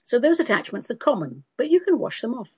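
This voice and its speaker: A woman's voice: a little high, big pitch swings, quick pace, husky, dry recording. A woman radio host from England gives spiritual advice, chatting emphatically through listener questions. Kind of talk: casual radio talk answering listener questions. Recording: dull lo-fi radio recording.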